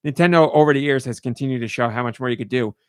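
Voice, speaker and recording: Gushing man on a podcast, crisp voice. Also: mid-range voice, racing, no echo, clean studio sound. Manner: gushing, enthusiastic. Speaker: podcast host. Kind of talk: casual podcast chat.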